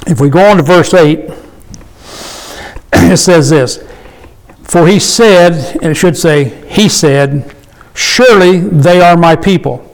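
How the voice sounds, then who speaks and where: Man, high-pitched, informal Bible teacher, reads verses slowly, explains with questions. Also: poor audio. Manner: reads scripture slowly, then explains plainly with rhetorical questions.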